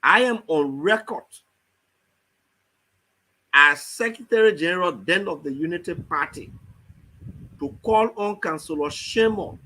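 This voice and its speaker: A man's voice: sits high, expressive, unhurried, long pauses, sharp tone, low-quality recording. A man, an opposition party official debating on a political talk show, pressing his points with argumentative questions.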